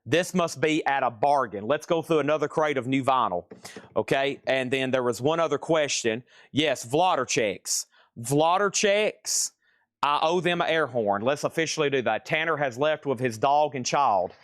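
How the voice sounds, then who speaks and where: A man hosting a live online record sale in a room full of record crates, energetically rattling off bids and prices in a fast selling patter. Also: medium pitch, fairly bright tone, no echo, studio quality. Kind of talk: live sales stream patter.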